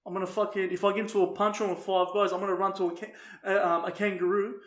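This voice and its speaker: A young Australian man with a high-pitched voice tells a crude, laughing story full of swearing. He talks as a podcast co-host in casual chat. His voice bounces around an echoey room. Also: little pitch movement, quick pace.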